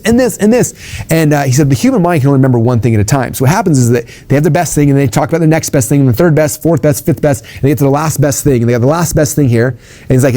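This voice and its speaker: A middle-aged man tells a story to an audience while teaching sales presentations, acting out the dialogue he quotes. He speaks rapidly and with lots of fillers, in a medium-pitched, dark-toned voice.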